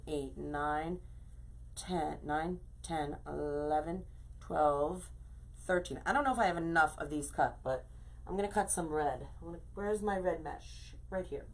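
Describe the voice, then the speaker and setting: A woman's voice: low voice, takes it slowly, a little mellow. A middle-aged woman hosting a casual craft live stream, chatting effusively and greeting viewers by name as she works.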